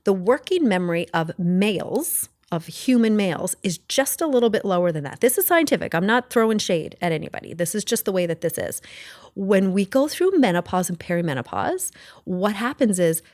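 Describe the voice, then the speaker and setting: A middle-aged woman talks straight into a close mic, blunt and chatty, wandering off and correcting herself as she goes. Her pitch sits in an ordinary middle range, and the sound is dry and close with no room around it. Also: big pitch swings, fairly quick, a little mellow, no echo. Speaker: podcast host. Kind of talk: casual solo podcast talk.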